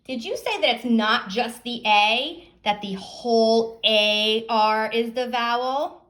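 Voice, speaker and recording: A woman teacher giving a phonics lesson, sounding out words slowly and asking young pupils questions. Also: a little high, a bit bright.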